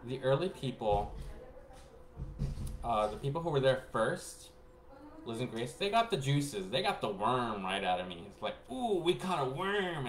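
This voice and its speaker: Laughing man in an echoey room. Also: medium pitch. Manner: animated, laughs often, swings between hushed and excited. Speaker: spiritual reader and vlogger. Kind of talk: casual rambling storytelling to camera. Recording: echoey room with faint background noise.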